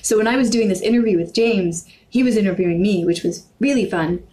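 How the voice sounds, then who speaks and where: Casting: American woman, language vlogger, Canadian-tinged vowels, casual rambling delivery, self-corrections, quirky pitch leaps. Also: fairly quick, warm tone, slight background noise, low-quality recording. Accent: American, with Canadian-sounding vowels. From New York and Pennsylvania, USA. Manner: quirky, shifting intonation. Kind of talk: casual talking-to-camera vlog.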